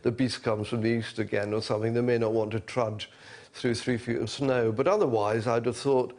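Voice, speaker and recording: A male professor speaks as a guest in a political interview, with a voice of ordinary pitch. He answers hesitantly, restarting with "um" and adding wry asides. His delivery is loose and conversational. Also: level tone, a little fast, a little mellow.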